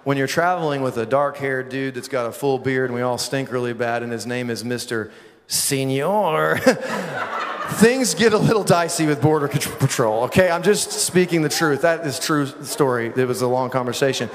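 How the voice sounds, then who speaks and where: A man preaches to his congregation, breaking into lively, self-deprecating anecdotes between scripture and prayer. His voice sits in a middling pitch and carries a long reverb from the large auditorium. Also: a little hiss or hum. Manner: lively storytelling, self-deprecating humor, quick asides. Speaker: pastor. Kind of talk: sermon.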